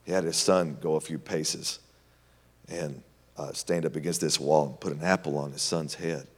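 Deep male preacher, sermon, animated delivery, long hall echo. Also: moderate pace. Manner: animated storytelling, swings between loud and hushed. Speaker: pastor.

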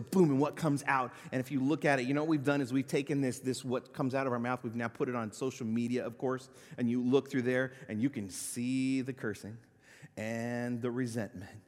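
A male pastor preaching a sermon, swinging between loud emphatic peaks and quiet, low-voiced asides. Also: fairly even intonation, normal speed, in a large hall. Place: church sanctuary.

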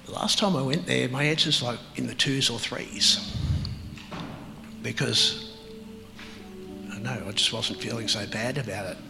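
A man telling his life story as an interview guest, halting and reflective, with many pauses and fillers. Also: mid-range voice, creaky, long reverb tail, music in the background, rough recording. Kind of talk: personal testimony in an interview.

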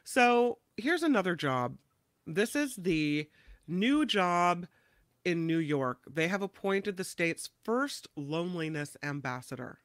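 A man's voice: high voice, sing-song, slow pace, a bit bright, dry recording, studio quality. A man co-hosting a show, chatting casually about the news and laughing easily. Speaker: show co-host.

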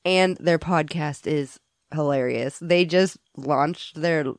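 Chatty low-voiced young woman host. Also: no room sound, studio quality. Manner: chatty, laughs often, quick asides. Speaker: podcast co-host. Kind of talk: casual chat.

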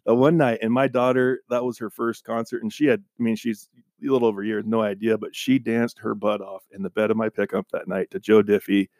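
A man's voice: fairly low pitch, little pitch movement, a little fast, a little mellow, dry recording. Young guy hosting a podcast, easygoing chat, dry close sound. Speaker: podcast host. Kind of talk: casual chat.

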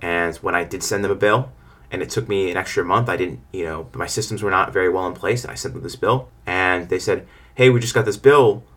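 A man's voice: deep voice, steady tone, a little fast, sharp tone. A young man who runs a lawn care business tells stories about clients and gives frank advice in a rambling way. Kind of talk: casual advice monologue.

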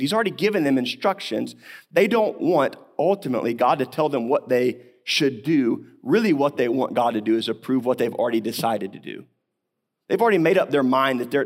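A man preaching a sermon, talking through a Bible passage in a conversational way with rhetorical questions, coughing now and then. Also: mid-range voice. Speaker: pastor.

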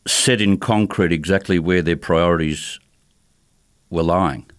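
A man's voice: sits low, a little slow. A male show host interviewing a guest, mostly giving short acknowledgments and asking pointed leading questions. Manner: brief backchannels, leading questions.

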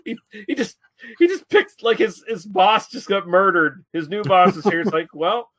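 Profane, animated man in podcast banter. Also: high voice, normal speed. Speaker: podcast co-host. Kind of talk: casual film-review chat.

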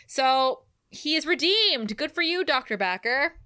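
Bright, high-voiced woman recapping a show. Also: unhurried, no echo, studio quality. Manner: animated, laughs often, acts out quoted lines. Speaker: podcast co-host recapping a TV episode. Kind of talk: casual chat.

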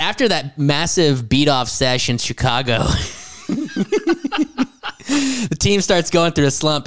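A man's voice: mid-range voice, a bit bright, smooth, no echo. A man co-hosting a podcast, recapping a movie in a rambling, profane way and laughing often. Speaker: podcast co-host. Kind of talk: casual crude movie recap.

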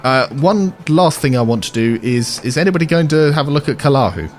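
A man running a tabletop game as game master, describing scenes in a measured way. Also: on the high side, animated.

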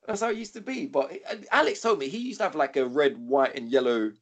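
A man, co-hosting a podcast, telling a rambling, sweary story with animated quoting. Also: mid-range voice, quick pace. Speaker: podcast co-host. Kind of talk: casual storytelling chat.

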